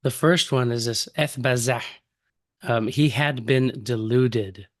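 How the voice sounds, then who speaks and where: A man's voice: mid-range voice, slow pace, no room sound, clean studio sound. A male professor teaching a Bible study, reading a passage aloud and then explaining a word in a casual way, thinking aloud as he searches for the right term.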